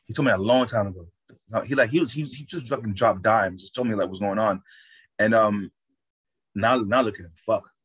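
A man's voice: fairly low pitch, a little fast, a bit bright, husky, poor audio. A man, a stand-up comedian, telling a casual story, rambling and swearing often. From Florida, USA.

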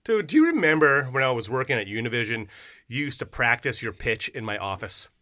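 Male podcast co-host, hyped and slangy, bright edge to the voice. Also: mid-range voice, fairly quick. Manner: animated, hype-filled banter with slang. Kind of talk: casual podcast chat.

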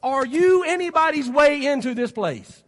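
A male pastor with a Southern accent delivers a folksy, exhorting sermon. His voice sits very high for a man. The sound carries a long reverb from the church sanctuary. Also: animated, normal speed, a bit bright. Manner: folksy and exhorting, rising to emphatic peaks.

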